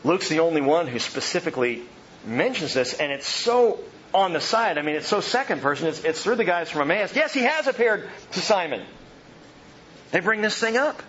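Animated male preacher, dull recording. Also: high voice, fairly quick, a little hiss or hum. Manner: animated, swings from loud emphasis to soft hushed tones. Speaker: pastor. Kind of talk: sermon.

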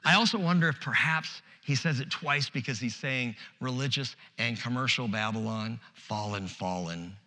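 A man preaching an expository sermon as pastor, animated and conversational, with humorous asides. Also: medium pitch, normal speed, few pauses, big-room sound.

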